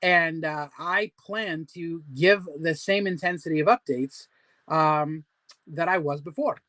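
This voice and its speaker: A man's voice: a little high, measured pace, pushed and bright, dry recording. Rambling, upbeat man in his forties. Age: 40s. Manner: rambling, filler-heavy, motivational. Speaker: host of a weight-loss support group. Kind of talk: casual livestream chat.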